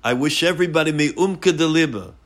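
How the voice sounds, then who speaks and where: Male Torah teacher with a somewhat high voice, measured explanatory delivery, daily lesson.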